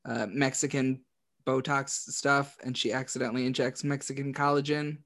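A man chatting casually as a podcast co-host, laughing as he retells scenes in quick quoted voices. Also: mid-range voice, flat delivery, fairly bright tone. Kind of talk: casual chat.

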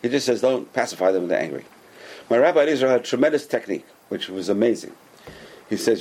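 A rabbi teaching a Torah class, talking at a fast clip in a husky, gravelly voice. His pitch swings widely as he repeats his points and answers his own rhetorical questions. The man's delivery stays animated and insistent throughout.

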